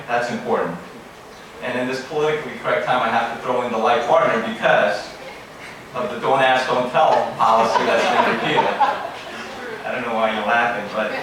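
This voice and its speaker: A man's voice: mid-range voice, background noise. A man in his forties giving a formal keynote speech at a banquet, earnest and advising, with asides and self-corrections. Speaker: keynote speaker. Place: large banquet hall. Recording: very echoey hall, distant mic, faint room ambience.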